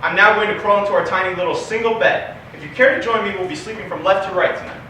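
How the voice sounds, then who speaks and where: A man's voice: high voice, fast talker, pushed and bright. A young man playing a tired, exasperated young husband who is a lawyer, speaking in a dry, weary way with sighs. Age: young adult. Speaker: student actor. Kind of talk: stage acting in a class play. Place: classroom stage. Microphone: distant camera. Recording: echoey room from far off, faint noise.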